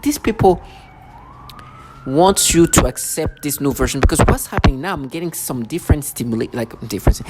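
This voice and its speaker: A male vlogger talks to camera in an agitated, rambling monologue, his voice a little high and the recording very noisy. He keeps repeating himself and restarting his phrases.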